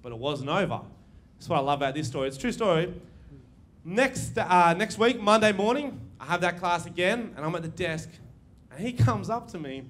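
A young man doing crude, animated stand-up storytelling on stage, acting out voices. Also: sits high, fairly quick. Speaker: stand-up comedian. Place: live comedy venue with audience. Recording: noisy live room recording.

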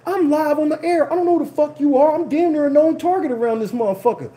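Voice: high voice, fast, warm tone. A livestream host telling a story in a profane, laughing, indignant way. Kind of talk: animated casual storytelling.

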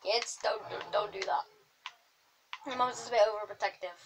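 A woman chatting through her game and talking to the animals in it, with sudden excited outbursts. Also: medium pitch, normal speed, vocal fry, pauses often, a little hiss or hum. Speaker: gamer. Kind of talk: casual gameplay commentary.

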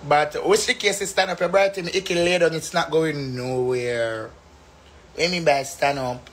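A man's voice: high voice, fast talker, a bit bright, a little hiss or hum. A man with a Jamaican accent chatting casually and animatedly, breaking into laughter often and singing phrases. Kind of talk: casual live chat.

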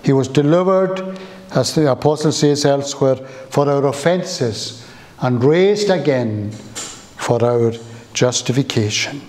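A man preaching a sermon in a church, slow and emphatic, with rising exclamations. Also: mid-range voice, lively intonation, darkish tone.

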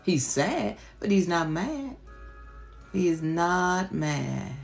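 A woman's voice: fairly low pitch, sing-song, slow, gravelly, faint music behind. A woman preacher giving an impassioned, colloquial teaching sermon on a live stream, repeating rhetorical questions.

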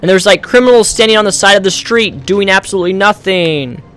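A young man giving let's-play commentary on a console game. He sounds exasperated and breaks into loud, frustrated outbursts. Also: high-pitched, lively intonation, a little fast, faint music behind. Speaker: gamer.

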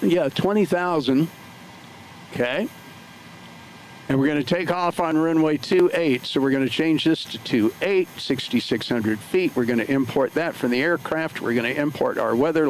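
A man's voice: a little high, darkish tone, slight background noise, low-quality recording. A man livestreaming from his home flight sim setup, talking casually through each step with lots of filler words. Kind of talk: casual live play-by-play narration.

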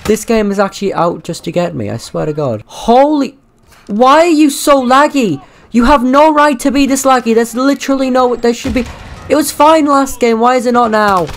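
A man giving live gameplay commentary as a gaming YouTuber. He swings from low muttering to loud yelps, laughs often and swears freely. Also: moderate pace.

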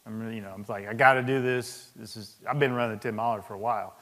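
A man's voice: fairly low pitch, fairly even intonation, quick pace, fairly bright tone. A man in his fifties, a senior army leader, telling personal anecdotes in a speech to an audience. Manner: storytelling, anecdotal, chuckling asides. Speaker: Sergeant Major of the Army. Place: large hall with audience. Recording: long reverb of a hall.

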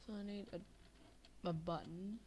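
A woman's voice: on the low side, fairly even intonation, takes it slowly, noisy background. A tired young woman rambling casually over a game she is playing, drowsy, with many fillers. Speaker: Minecraft video maker. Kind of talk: casual gameplay commentary.

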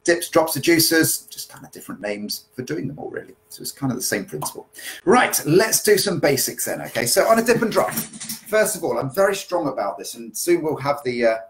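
A man's voice: fairly high pitch, very animated, a little fast, slight background noise, low-quality recording. A man teaching partner dancing in a podcast, talking casually and asking "okay?" often as he explains. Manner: chatty, repeats "okay?" to check in. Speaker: dance teacher. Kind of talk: live-streamed dance lesson podcast.

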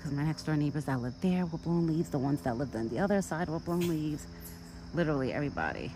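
A woman casually vlogging outdoors in a yard, rambling in a chatty way and cooing softly in a high voice to soothe her deer. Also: lively intonation, fast, background noise. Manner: rambling and chatty, full of "like" and "you know". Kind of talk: casual outdoor vlog chat. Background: crickets and outdoor nature sounds.

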